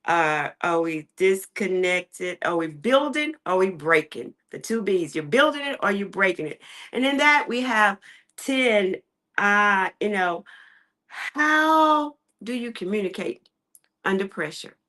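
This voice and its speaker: Animated woman pastor telling a story. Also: mid-range voice, unhurried. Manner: animated storytelling, repeats phrases for emphasis; addresses online congregation directly. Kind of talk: sermon.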